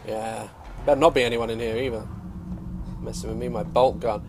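A man hosting a let's-play, loud and excitable, swearing and taunting enemies as he plays. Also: on the high side, fairly quick. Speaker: gaming video host.

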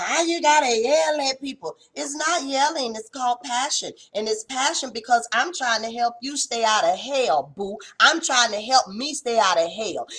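A woman preaching a short devotional, her voice fairly high and husky. She moves between fervent, emphatic declarations and low, intense asides, speaking in a plain, folksy way. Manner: passionate, swings between loud exhortation and hushed intensity; colloquial, uses folksy address.

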